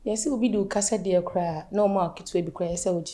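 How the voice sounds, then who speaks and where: A woman's voice: medium pitch, fairly quick, dark tone, natural voice. A woman with a Ghanaian accent playing a coaxing, affectionate partner in a film drama.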